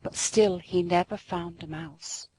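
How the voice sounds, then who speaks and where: A woman narrating a classic storybook aloud in an expressive, sing-song way. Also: on the low side, a little slow, breathy edge, no echo, low-quality recording.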